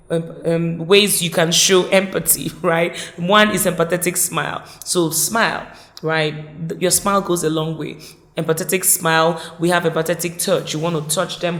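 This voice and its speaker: A woman teaching a caregiving course in an informal, emphatic way, often repeating key words and acting out short example dialogues. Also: on the low side. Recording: echoey room.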